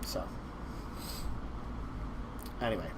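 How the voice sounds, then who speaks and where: Rambling man recapping tabletop games. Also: slight background noise. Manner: rambling, halting with fillers and restarts. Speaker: game master, show host. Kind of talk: casual chat recapping games.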